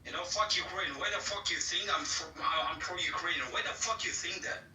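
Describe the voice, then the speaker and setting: A man's voice: high-pitched, fairly even intonation, fairly quick, pushed and bright. A man from Russia, speaking blunt, profane, broken English in a voice chat. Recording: roomy, distant voice-chat audio with faint noise.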